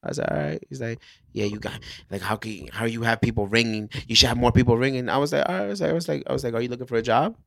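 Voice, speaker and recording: A man chatting casually with friends, telling animated stories from his store job and acting out customers, with plenty of swearing. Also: mid-range voice, very fast, creaky, no room sound, studio quality. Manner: animated storyteller, acts out customers, swears often. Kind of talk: casual chat among friends.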